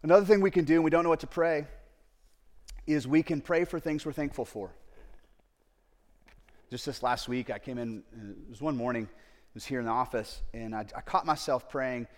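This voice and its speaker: Casual, animated male pastor preaching. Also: medium pitch, moderate pace, pauses often. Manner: informal, many fillers, emphatic rises on key phrases. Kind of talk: conversational sermon.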